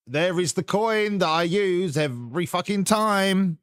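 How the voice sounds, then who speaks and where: A man's voice: high voice, lively intonation, normal speed, few pauses, dry recording, clean studio sound. A man with an English accent streaming live, chatting casually and swearing while bantering with his viewers.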